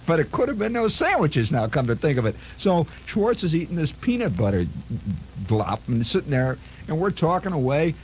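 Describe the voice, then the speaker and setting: A man hosting a radio show, telling a long story in a chatty, animated way with chuckling asides. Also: on the high side, normal speed, slight background noise. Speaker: radio host. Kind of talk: spontaneous storytelling monologue. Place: radio studio.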